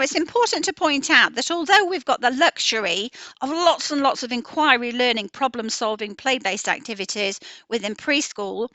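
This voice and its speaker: A woman educator giving a clear explanatory presentation about teaching phonics. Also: a little high, bright, forceful tone, no echo.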